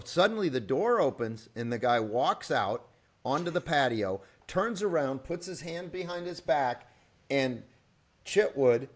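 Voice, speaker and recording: Man hosting a relaxed podcast chat. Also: fairly high pitch. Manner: relaxed, detailed storytelling with asides. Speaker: podcast host. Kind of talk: casual conversational interview.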